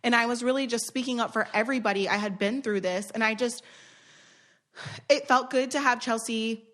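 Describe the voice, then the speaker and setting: A woman's voice: a little high, a little fast, a bit bright. A woman co-hosting a podcast, talking earnestly in casual chat and repeating phrases to make her point. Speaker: podcast co-host.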